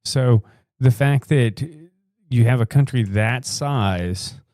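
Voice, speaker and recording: A man's voice: mid-range voice, slow, dark tone, no echo, clean studio sound. An American man co-hosting a live podcast, rambling through opinions with casual swearing. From United States. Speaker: podcast co-host.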